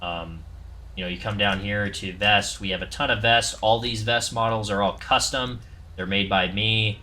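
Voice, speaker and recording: A man with a low voice gives a casual walkthrough of his game server. His tone is bright and forceful, though his delivery stays loose and rambling, full of ums and false starts. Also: steady tone, normal speed, slight background noise.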